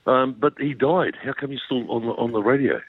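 A man calling in to a radio show with a deep, theatrical radio-style voice and hammy, over-the-top delivery. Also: fairly quick, husky, no room sound. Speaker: caller. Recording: muffled phone line.

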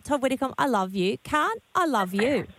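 A woman's voice: a little high, animated, normal speed, fairly bright tone, no room sound. A woman co-hosting drive-time radio, bubbly and playful, often giggling. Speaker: radio co-host. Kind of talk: casual radio banter.

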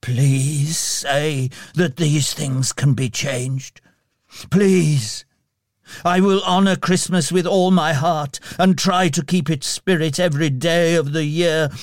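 A man voicing an old miser who is overjoyed and giddy, with high, breathless exclamations. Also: very animated, unhurried, fairly bright tone, no echo, studio quality, full character voice. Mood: pleading.

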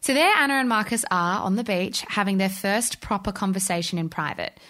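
Woman, podcast narrator, scripted narration, measured even read. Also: mid-range voice.

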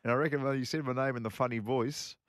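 Talking fast with fairly even intonation, a middle-aged man who once played pro golf co-hosts a casual radio chat. His medium-pitched storytelling rambles on with repeats and fillers, captured echo-free in studio quality.

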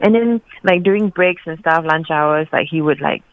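A woman's voice: sits low, normal speed, crowd noise. A young woman with a Malaysian English accent, chatting on a radio phone call with lots of fillers. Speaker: caller. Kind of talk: casual phone chat on radio.

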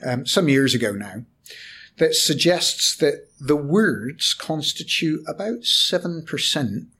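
A man, a corporate trainer explaining communication in a podcast discussion, measured and hesitant at times. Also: medium pitch, sharp tone, slightly rough.

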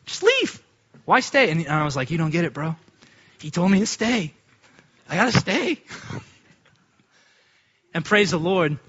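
A man from the United States shares a personal testimony with a congregation in a lively storytelling way. His voice is bright and a touch high, and he jumps up in pitch when he acts out what people said. The recording sounds dull and lo-fi. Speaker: church speaker giving testimony.

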